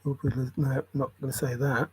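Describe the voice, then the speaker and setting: A man's voice: mid-range voice, little pitch movement, slow, a little hiss or hum. A man rambling in a solo monologue, muttering to himself and breaking into sudden exclamations. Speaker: channel host.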